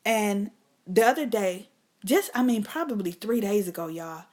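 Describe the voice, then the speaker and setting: A woman's voice: medium pitch, lively intonation, normal speed, darkish tone. A middle-aged woman hosting a live stream, telling a personal story candidly and bluntly, with lots of cursing, and talking straight to her viewers. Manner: blunt, emphatic, profane, addresses viewers as y'all.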